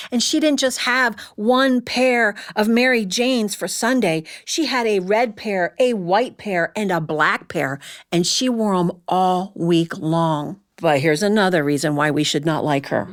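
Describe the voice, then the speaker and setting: A woman storyteller speaking to a live audience in a humorous, chatty way, teasing her listeners. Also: medium pitch.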